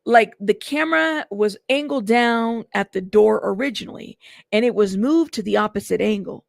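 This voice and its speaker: A woman's voice: medium pitch, moderate pace, vocal fry, no room sound, studio quality, lightly acted. A woman reading out a male celebrity witness's testimony in court, giving short, plain answers.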